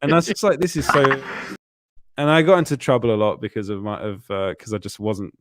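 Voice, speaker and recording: A man's voice: lowish voice, expressive, brisk, no echo. Chatty young Englishman, dry close sound. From England. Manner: chatty, laughing, self-deprecating storyteller. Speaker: co-host. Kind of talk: casual livestream chat.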